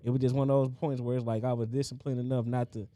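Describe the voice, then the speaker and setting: A man's voice: mid-range voice, level tone, rapid-fire, mellow, no room sound, clean studio sound. A man co-hosting a podcast, telling a childhood story in casual chat and acting out the quotes. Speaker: podcast co-host.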